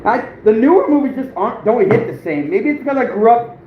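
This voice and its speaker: High-voiced man on a tinny echoey stream. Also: big pitch swings, fairly quick. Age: 30s. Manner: rambling, chuckling often. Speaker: outdoors livestream host. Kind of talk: casual livestream chat. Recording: phone-like echoey room with faint noise.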